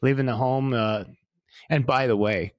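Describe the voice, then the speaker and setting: A man's voice: mid-range voice, fairly even intonation, moderate pace, no echo. Wry fifty-something man, dry sound. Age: 50s. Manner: easygoing, wry, trails off and restarts. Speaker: podcast co-host, financial advisor. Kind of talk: casual conversational podcast chat.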